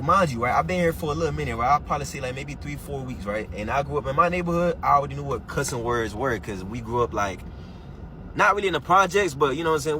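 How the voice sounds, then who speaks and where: A man from Nigeria, telling a story to camera in an animated, slangy and profane way. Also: on the high side, slight background noise.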